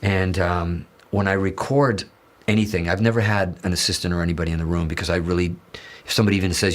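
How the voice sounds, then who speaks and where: Male interview guest, low-pitched, casual storyteller; swears a lot, restarts sentences, voices quoted dialogue. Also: fast talker. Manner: animated, profane, restarts often, acts out quoted dialogue.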